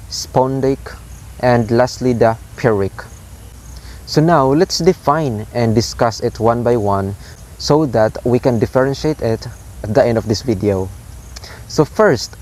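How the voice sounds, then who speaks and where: Slow filipino english guy teaching poetry feet, sounds out the beats over and over, crickets behind. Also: mid-range voice, darkish tone. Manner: slow, methodical, repeats patterns aloud. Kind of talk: recorded poetry lesson.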